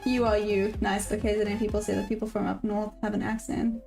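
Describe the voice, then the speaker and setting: A woman's voice: mid-range voice, flat delivery, fairly quick, vocal fry, darkish tone, faint music behind. A woman from Africa, chatting casually on a trading livestream, reading viewer comments aloud and laughing often. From South Africa. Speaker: day-trading livestream host.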